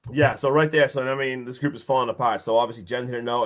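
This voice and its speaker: A medium-pitched man who talks fast co-hosts a podcast, recapping a horror movie. His chat is casual and excitable, full of fillers and mild swearing.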